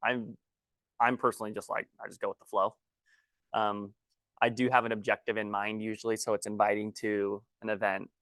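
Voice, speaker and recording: A guest trainer leads a workshop in a fairly low, slightly bright voice with little pitch movement, sounding a bit out of breath. He speaks haltingly, often restarting sentences while writing on a board, and the recording is dry with no room echo.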